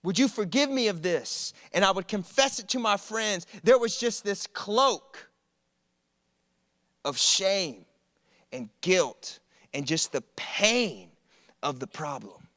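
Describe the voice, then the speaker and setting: A man preaches to a college crowd, telling his own stories with humor and energy. His voice sits high and bright. The sound is close and dry. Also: slow pace, pauses often, no room sound. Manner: animated, conversational storytelling with humor. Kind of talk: sermon. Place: church service.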